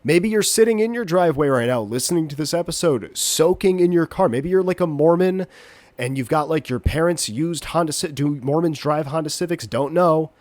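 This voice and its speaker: With a cold still clogging his nose, a podcast host talks alone in a slightly fast, darkish voice on the high side, recorded without echo. He's congested and nasally, rambling and cracking self-deprecating jokes.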